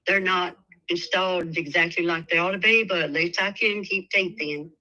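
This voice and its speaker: A woman from Tennessee with a Tennessee accent, calling in to a show and speaking softly and hesitantly. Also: on the low side, steady tone, moderate pace, poor audio. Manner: soft-spoken, hesitant. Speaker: caller. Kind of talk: phone call to a show.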